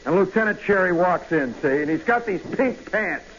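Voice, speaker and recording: A male radio storyteller with a high, bright-sounding voice rambles through an animated tale. He keeps tossing in asides and "you know"s. The sound is a muffled old radio broadcast with a faint hiss. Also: normal speed. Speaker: radio host.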